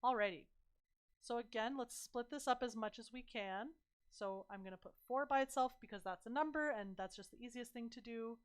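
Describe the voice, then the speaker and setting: Chatty woman tutoring math, slightly hoarse. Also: a little high, brisk. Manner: chatty, encouraging, addresses viewers as "you guys". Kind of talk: livestream math lesson.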